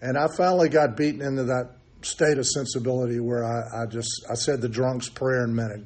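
A man's voice: mid-range voice, steady tone, a little fast, hardly any pauses, darkish tone. An older man giving a candid, self-mocking recovery testimony, talking in a loose storytelling way with many fillers. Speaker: recovery meeting speaker.

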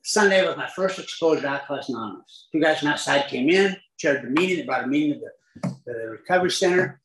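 A man's voice: a little high, expressive, fast talker, fairly bright tone, reverberant, low-quality recording. An older man tells a recovery story to a live audience with wry, self-mocking humor. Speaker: recovery speaker.

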